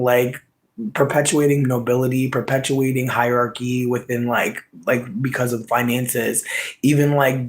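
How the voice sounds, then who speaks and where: A man in a rambling, casual monologue, swearing freely and laughing, dropping to a murmur and then bursting into shouts. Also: medium pitch, rough recording. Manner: profane, laughing, sudden shouts; animated, swings between murmur and yelling.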